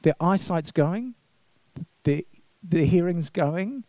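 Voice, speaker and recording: A man's voice: on the high side, expressive, takes it slowly, mellow, dry recording. A middle-aged man, a vicar, preaching a conversational sermon full of anecdotes, laughing often and acting out the quotes. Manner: chatty storyteller, laughs often, acts out quotes. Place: church.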